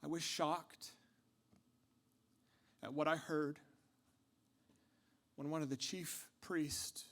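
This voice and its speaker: A man delivering a dramatic first-person storytelling monologue, impassioned, swinging from hushed tones to shouting. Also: a little high, fairly even intonation, drawn-out words, long pauses.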